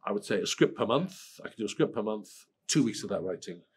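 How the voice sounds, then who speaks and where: A middle-aged Welsh man with a cold, answering interview questions in a lively way, often restarting and repeating words. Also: on the low side, quick pace, slightly rough. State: has a cold. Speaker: screenwriter interviewee.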